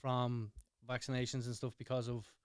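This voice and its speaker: A man hosting a podcast, asking questions in casual chat with halting restarts. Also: mid-range voice, little pitch movement, clear, resonant tone, no echo, studio quality. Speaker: podcast host. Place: studio.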